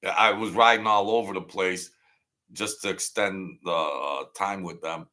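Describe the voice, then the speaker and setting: A man's voice: sits low, fairly even intonation, a little slow, bright, forceful tone. A man hosting a casual livestream, telling meandering stories that trail off and restart. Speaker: livestream host. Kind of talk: rambling casual storytelling.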